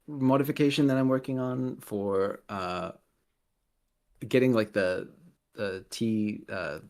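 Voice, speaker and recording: A man chatting as an interview guest over a video call, rambling, correcting himself and laughing often. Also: fairly low pitch. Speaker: guest, Lego builder. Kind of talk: casual interview chat.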